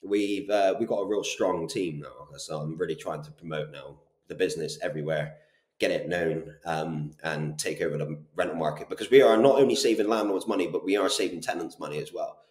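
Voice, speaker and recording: A man in his twenties with a Bristol accent, a guest on an interview show, telling stories in a brisk, animated way with casual swearing. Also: deep voice. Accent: Bristol English. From Bristol, England. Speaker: guest, property business owner. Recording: roomy echo.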